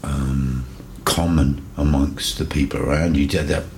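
A middle-aged man, an interview guest, telling stories casually in an animated way, swearing freely and acting out what people said. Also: extremely low pitch, unhurried, slight background noise. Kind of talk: casual storytelling.

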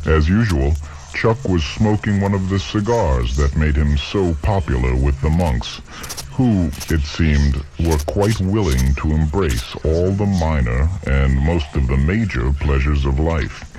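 Deep, slow male storyteller. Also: noisy background. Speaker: narrator. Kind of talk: dramatic story reading.

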